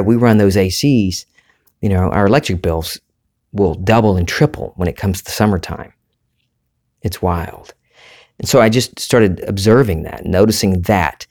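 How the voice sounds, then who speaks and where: A man from the Deep South with a Southern US accent, hosting a reflective monologue in a thoughtful, storytelling way. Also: darkish tone. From Deep South, USA.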